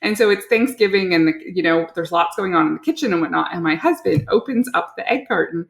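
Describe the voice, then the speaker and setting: A middle-aged woman hosts a podcast, chatting casually and telling anecdotes. Her voice has a gravelly fry to it. The room around her rings with a noticeable echo. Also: fairly low pitch, animated, fast. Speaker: podcast host. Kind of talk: casual chat. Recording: roomy echo.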